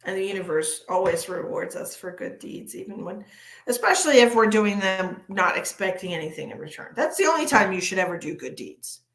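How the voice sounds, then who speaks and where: A woman's voice: lowish voice, fairly bright tone, a little hiss or hum. Chatty woman in her forties, echoey room. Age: 40s. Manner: chatty, sassy, reads viewer comments aloud. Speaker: psychic tarot reader. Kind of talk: live-stream chat reading cards.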